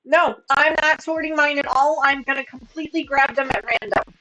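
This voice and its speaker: Explaining her work on a casual sewing livestream from home, this woman in her thirties is chatty and upbeat. She has a high voice and a moderate pace, with a noisy background behind her.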